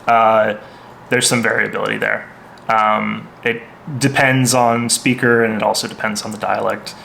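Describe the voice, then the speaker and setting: Guy with a gravelly voice going over vocab slow and unhurried, lots of ums, faint hiss behind. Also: lowish voice, level tone, sharp tone. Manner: hesitant, many ums and restarts. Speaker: language teacher. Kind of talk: casual vocabulary lesson.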